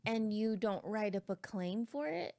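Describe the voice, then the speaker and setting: A woman's voice: mid-range voice, animated, a little slow, a little mellow. A woman co-hosting a casual podcast, chiming in with brief remarks. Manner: brief interjections, laughing asides. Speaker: podcast co-host.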